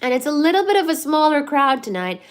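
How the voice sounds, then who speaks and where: A woman's voice: sits high, very animated, fast. A woman hosting a casual livestream, chatting with viewers and reading out their comments, a little stuffed up. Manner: chatty, reads out chat comments, playful singsong. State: a bit stuffed up. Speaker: livestream host.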